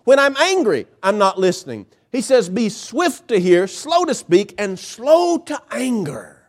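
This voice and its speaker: A male pastor preaching a sermon, emphatic, with dramatic pauses and swings in pitch. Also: sing-song.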